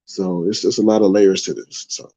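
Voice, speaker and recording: A man hosts a live stream and talks casually to his viewers, reading out their comments and reacting with lively emphasis. His mid-pitched voice is dark and mellow. The sound is dull and lo-fi, with a dry, close feel and no room around it. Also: moderate pace, no echo. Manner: casual, animated, addresses viewers as "y'all". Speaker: YouTube livestream host.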